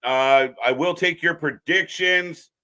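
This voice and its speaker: A man co-hosting a live wrestling watch-along, animated and swearing, talking to viewers as folks. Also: a little high, takes it slowly. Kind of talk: live alternative commentary chat.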